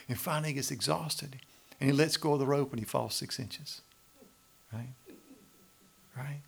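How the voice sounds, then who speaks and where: Gravelly Southern preacher. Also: male voice, mid-range voice, moderate pace, long pauses. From Macon, Georgia, US South. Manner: conversational, pleading, asks the audience rhetorical questions. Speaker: pastor. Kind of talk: sermon.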